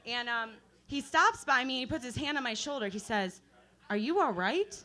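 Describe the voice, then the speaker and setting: A young woman working through a stand-up set at an open mic night. Her voice sits high and sounds bright and sharp. She tells self-deprecating stories loosely, with fillers, restarts and laughter. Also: a little fast. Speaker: stand-up comedian.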